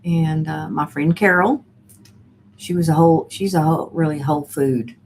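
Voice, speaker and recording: A woman's voice: low voice, normal speed, darkish tone, a little hiss or hum. A middle-aged woman hosting a live chat stream. She talks casually and rambles, with many fillers and restarts, and answers viewer comments as she reads them.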